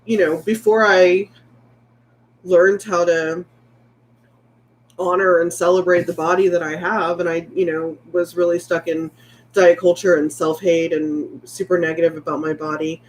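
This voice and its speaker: A woman vlogger, late 30s, speaks a little slowly in a fairly low, level voice. On a casual livestream she reads viewer comments and talks candidly, rambling and heartfelt, over a little hiss or hum.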